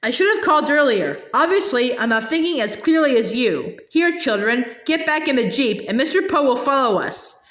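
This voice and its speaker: A woman voicing a sly, scheming villain man in disguise, smooth and falsely polite, while reading a storybook aloud. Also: high voice, lively intonation, moderate pace, hardly any pauses, fairly bright tone, echoey room.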